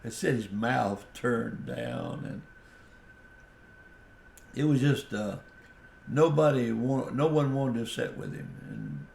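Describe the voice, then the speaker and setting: Slow gravelly preacher man. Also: medium pitch, darkish tone, roomy sound, a little hiss or hum. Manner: slow, folksy anecdotal telling with quoted dialogue. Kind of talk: radio sermon storytelling.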